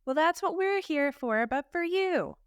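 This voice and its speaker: A woman's voice: very high-pitched, expressive, unhurried. A woman co-hosting a podcast and chatting casually, rambling and poking fun at herself with frequent laughs. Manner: rambling and self-deprecating, laughs often. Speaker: podcast co-host and voice teacher. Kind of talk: casual chat.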